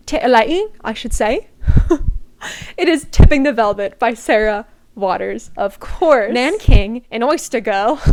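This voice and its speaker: A young woman in a casual book vlog, chatty and gushing, often laughing as she talks about favorite reads. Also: on the high side. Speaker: book vlogger.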